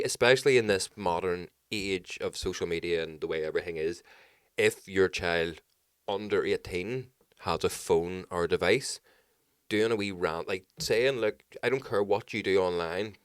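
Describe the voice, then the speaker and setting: A man co-hosting a casual talk show, lively and sweary, often repeating words as he starts a sentence. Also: deep voice, clean tone, no echo, clean studio sound. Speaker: podcast co-host. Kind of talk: casual chat.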